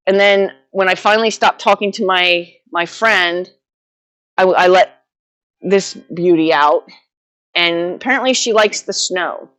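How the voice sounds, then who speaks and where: A woman's voice: on the low side, unhurried, a bit bright. A middle-aged woman vlogging casually, telling a rambling, self-deprecating story about her horse farm with frequent laughs.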